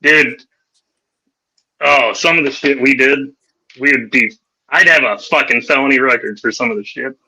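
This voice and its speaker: Bright, forceful man telling rowdy stories. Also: mid-range voice, moderate pace, long pauses, breathy edge, rough recording. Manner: profane, rowdy anecdote telling; laughs through his stories. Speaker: podcast host. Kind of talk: casual storytelling chat.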